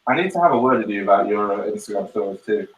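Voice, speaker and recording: A man's voice: lowish voice, animated, racing, echoey room, distant mic, low-quality recording. A man co-hosting a podcast, trading dry, teasing banter in casual chat. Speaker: podcast co-host.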